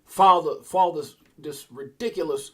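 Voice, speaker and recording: A man hosting a live stream with a husky voice that sits a little high. He talks to his viewers in an excitable, rambling way, with his pitch jumping up and down as he goes. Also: moderate pace. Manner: excitable, rambling, talks to chat and reads out posts. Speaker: crypto livestream host. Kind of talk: casual live commentary.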